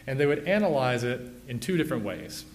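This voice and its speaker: A man in his thirties giving an informal illustrated lecture, relaxed, with many "uh" and "you know" fillers. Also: mid-range voice, fairly quick, a little hiss or hum.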